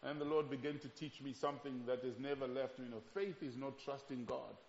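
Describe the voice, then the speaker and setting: A man preaching a sermon as pastor, passionate, moving from loud pleading to quiet reflection. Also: medium pitch, a little fast, vocal fry, slight background noise. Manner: impassioned, swings from loud pleading to hushed reflection. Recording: echoey hall, dull lo-fi sound.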